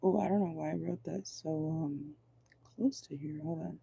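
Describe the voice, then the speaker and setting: Hoarse chatty woman with a gravelly voice. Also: low voice, normal speed, mellow. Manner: chatty, reads viewer comments aloud. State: hoarse, voice going out. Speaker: tarot reader. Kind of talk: casual live tarot reading. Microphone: phone or laptop in a car.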